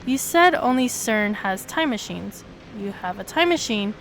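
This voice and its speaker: A woman streamer reading a visual novel aloud, with sudden excited leaps in her voice. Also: a little slow, slight background noise. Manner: animated reading with sudden high excited jumps.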